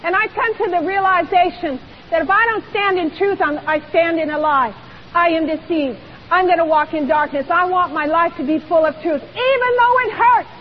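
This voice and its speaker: High-voiced woman preaching a sermon. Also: normal speed. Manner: emphatic, rhetorical questions. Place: church. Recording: dull lo-fi recording with long hall reverb and faint hiss.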